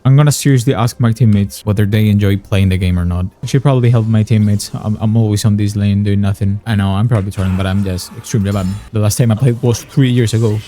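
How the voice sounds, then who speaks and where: A man's voice: lowish voice, steady tone, fast talker, hardly any pauses, mellow, a little hiss or hum. A young man giving frustrated, sarcastic gameplay commentary, swearing often. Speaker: gaming YouTuber.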